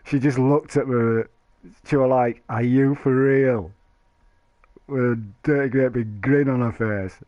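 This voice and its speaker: A man's voice: medium pitch, fairly even intonation, moderate pace, no room sound, dull audio. A man chatting casually to stream viewers, rambling and joking, laughing often. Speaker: live streamer.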